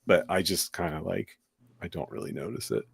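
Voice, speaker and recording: A man with a low, gravelly voice hosts a casual podcast. He rambles freely, restarting sentences and filling gaps with "like" and "um", and the sound is close and dry. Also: brisk, no echo. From United States. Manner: rambling, full of fillers and restarts. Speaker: podcast host. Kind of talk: casual chat.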